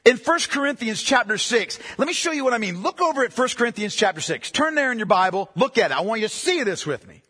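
A man with a very high, lively voice preaches a sermon and pounds home rhetorical questions to his congregation. His tone is husky and bright. Long reverb from a large hall trails behind him. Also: fast talker, hardly any pauses. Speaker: pastor.

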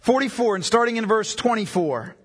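High bright preacher in a reverberant hall. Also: male voice, lively intonation, husky. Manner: emphatic, slows down to read scripture aloud. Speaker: pastor. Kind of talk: sermon.

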